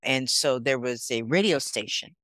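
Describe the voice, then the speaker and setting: A woman in her sixties from Chicago, a guest on a podcast, telling stories in a casual, animated way. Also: very deep voice, normal speed, no echo. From Chicago, USA. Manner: storytelling, animated, laughs often. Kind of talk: casual interview chat.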